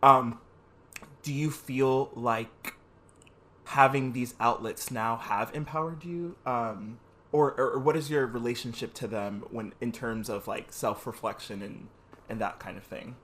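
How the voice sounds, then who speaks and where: A man's voice: medium pitch, steady tone, unhurried, bright, forceful tone. A man hosting a reflective conversation, thoughtfully summing up and rephrasing what his guest says. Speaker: host.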